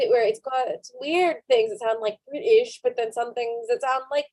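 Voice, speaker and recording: A woman's voice: on the high side, moderate pace, a little mellow, dry recording. A woman hosting a podcast in casual chat, joking and asking playful questions. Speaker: podcast host.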